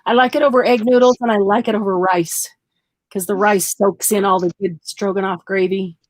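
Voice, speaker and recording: A woman's voice: medium pitch, fairly even intonation, a little fast, no echo, rough recording. A woman co-hosting a casual chat, agreeing and encouraging with short replies.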